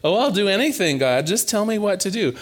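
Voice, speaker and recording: A man doing a panicked cliff-hanging man yelling. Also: sits high, big pitch swings, fairly quick, pitched above the performer's own voice. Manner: frantic, pleading yells.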